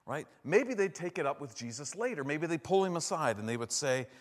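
A pastor delivers a conversational sermon, frequently checking in with "right?" and acting out the voices of the people he quotes. His voice is on the high side and sing-song, a little fast with hardly any pauses, and the recording carries a long hall reverb.

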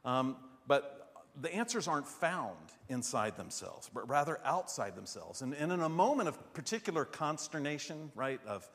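A man preaching a sermon in an animated, rhetorical way, often asking "right?". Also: on the high side, normal speed, hardly any pauses. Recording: long hall reverb.

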